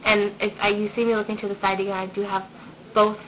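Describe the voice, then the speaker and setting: A woman's voice: mid-range voice, level tone, fast talker. A young woman giving a casual pregnancy update vlog, shy and rambling with lots of ums, getting over a cold. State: recovering from a cold. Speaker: vlogger. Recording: dull lo-fi home video with noise.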